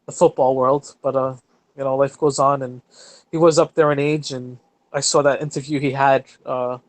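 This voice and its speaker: A man's voice: medium pitch, flat delivery, normal speed, no room sound. A male podcast co-host chatting casually, full of fillers and losing his train of thought.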